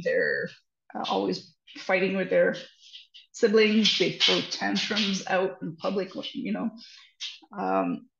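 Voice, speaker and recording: A woman with a gravelly, fry-tinged voice gives conversational parenting advice, earnest and reassuring as she walks through her points. The sound is roomy and a little dull, like a video call in an echoey room. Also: mid-range voice. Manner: earnest, reassuring, repeats "trust me". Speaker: parenting educator guest.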